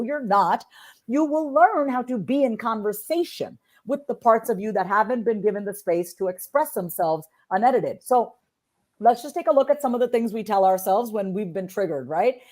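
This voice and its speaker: Podcast guest, woman, fairly high voice, emphatic coaching delivery. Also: darkish tone. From United States. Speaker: guest, self-expression coach. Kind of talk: conversational podcast talk.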